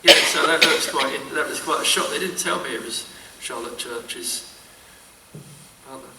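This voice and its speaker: A man in a relaxed panel chat, rambling through anecdotes in a very bright, sharp-edged voice. He is picked up by a mic set well back, so the room's echo rings around him and faint ambience sits underneath. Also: a little high, normal speed, slight background noise. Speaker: convention panel guest. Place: convention panel room. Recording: roomy echo, mic far off.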